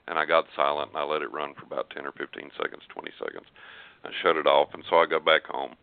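A man's voice: rumbling low, steady tone, fast talker, gravelly, dry recording. An older man telling a story as a guest on a call-in radio show, earnest and rambling, with frequent restarts. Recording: tinny phone line.

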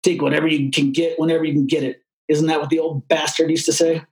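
A man's voice: on the high side, little pitch movement, quick pace, darkish tone, close to an everyday voice. A man voicing a wry, tough sixteen-year-old boy who talks to himself, cocky and self-reliant.

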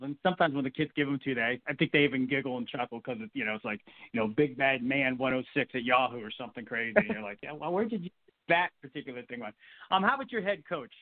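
A male podcast host who talks quickly and eagerly, circling back and repeating words as he goes. His voice comes through a tinny, phone-like line. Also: on the high side. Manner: upbeat, rambling with repeated words. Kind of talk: sports interview podcast.

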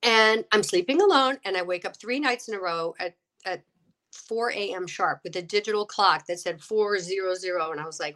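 A middle-aged woman with a bright, forceful voice tells her story with lively energy. She is getting over a cold, acts out the voices of people she quotes, and laughs often. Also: mid-range voice, moderate pace. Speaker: guest, actress and UFO experiencer. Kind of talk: animated storytelling.

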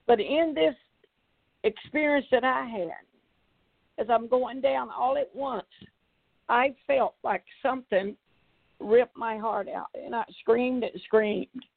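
A woman's voice: on the high side, slow pace, creaky, long pauses, no room sound. Older woman, evangelist testimony, emphatic repetition, dry close sound. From Tennessee, US. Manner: emphatic, repeats phrases for effect. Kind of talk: testimony preaching. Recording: tinny phone-like audio.

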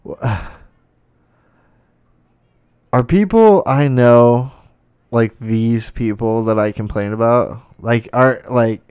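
A man's voice: medium pitch, a little mellow, clear, resonant tone, no echo, clean studio sound. A man hosting a podcast, ranting in a casual monologue, swearing a lot and sounding incredulous. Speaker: podcast host.

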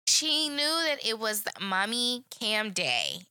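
A woman's voice: medium pitch, sing-song, takes it slowly, sharp tone, smooth, no room sound. A woman co-hosting a casual podcast chat who speaks bluntly, laughs often, and. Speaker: podcast co-host.

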